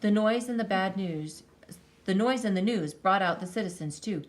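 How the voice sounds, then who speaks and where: A woman reading a children's story aloud with expressive, lingering delivery. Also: medium pitch, moderate pace. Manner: expressive, lingering on counts and sound words.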